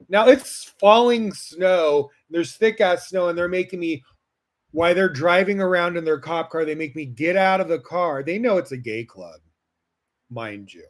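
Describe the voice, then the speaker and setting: A man's voice: a little high, moderate pace. A man from Las Vegas hosting a podcast, telling a personal story in a casual, frank way with many "like" fillers. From Las Vegas, United States. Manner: casual, heavy use of "like" fillers, frank and animated. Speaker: podcast host.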